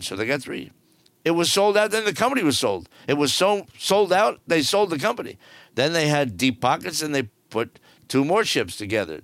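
Ranting podcast host, middle-aged man, gravelly and dry, swings his pitch wildly. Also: no echo. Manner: ranting, sarcastic, animated. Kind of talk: opinionated solo podcast.

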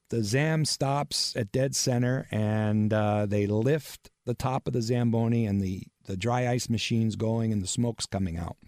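A man's voice: fairly low pitch, fairly even intonation, a little mellow, no room sound, clean studio sound. A man who worked as a radio broadcaster recounting a story, acting out the announcements in it. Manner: measured storytelling with acted-out announcements. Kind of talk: anecdote.

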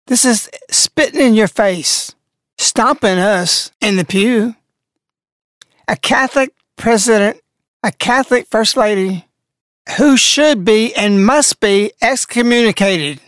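A woman's voice: on the high side, slow pace, no echo, clean studio sound. A woman hosting a religious broadcast, delivering preachy, scolding commentary. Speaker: broadcast host.

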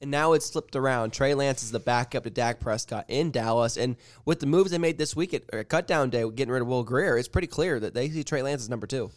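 Opinionated dude on a football podcast, emphatic, keeps repeating himself to make a point. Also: male voice, medium pitch, fairly quick, hardly any pauses. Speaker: podcast co-host. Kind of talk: casual sports chat.

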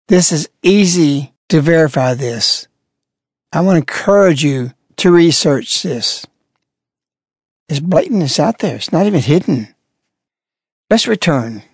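A man's voice: fairly high pitch, breathy edge, no room sound, clean studio sound. An older man, a religious broadcaster, commenting sarcastically and mockingly on clips he plays.

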